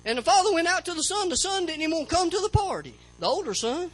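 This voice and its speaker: A man's voice: very high-pitched, sing-song, quick pace, rough recording. A man preaching a sermon as pastor, fervent, repeating phrases and calling out to the church for amens.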